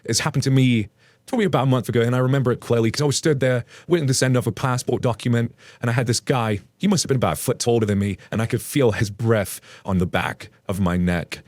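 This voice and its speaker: A man's voice: mid-range voice, fast, darkish tone, dry recording. A British man casually reading out and joking about online posts, chatty and laughing often. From United Kingdom. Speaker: reddit story reader.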